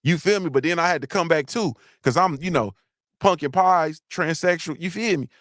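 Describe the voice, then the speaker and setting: A man's voice: on the high side, moderate pace, no room sound, clean studio sound. Slangy rambling male livestream host. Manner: slangy, rambling, shouts out chat names. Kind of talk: casual livestream chat.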